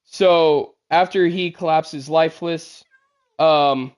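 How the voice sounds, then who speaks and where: A man running a tabletop game who narrates in a loose, rambling way, full of fillers and crude jokes. His voice sits a bit high for a man. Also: fairly even intonation, slow. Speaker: game master.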